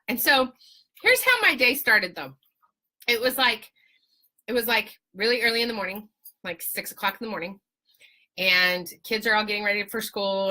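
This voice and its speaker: A woman's voice: mid-range voice, sharp tone. A woman hosting a live video stream from home on a webcam, chatting with viewers in a casual, profane way.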